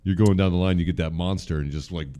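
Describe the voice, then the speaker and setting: A man's voice: low voice, steady tone, fast talker, mellow. A man co-hosting a live chat show, laid-back and crude, laughing often. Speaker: co-host.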